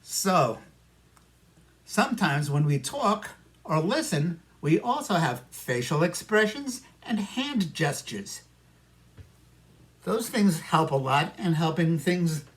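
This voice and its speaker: A man's voice: high voice, very animated. A man with a New York accent teaching an English listening lesson, talking patiently to students and echoing their answers. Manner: slow, patient, talks to imagined students and answers for them. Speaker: ESL teacher. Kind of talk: simulated classroom micro lesson.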